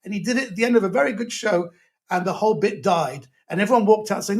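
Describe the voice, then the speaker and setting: High-voiced animated male comedian. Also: fast talker, background noise. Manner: lively, rambling, self-mocking storyteller. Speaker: guest comedian. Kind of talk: animated anecdote telling.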